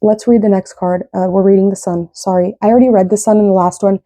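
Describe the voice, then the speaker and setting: A woman's voice: medium pitch, fairly even intonation, fast, warm tone, dry recording. A young woman giving a casual, rambling tarot reading, often tagging her sentences with "right?". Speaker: tarot reader.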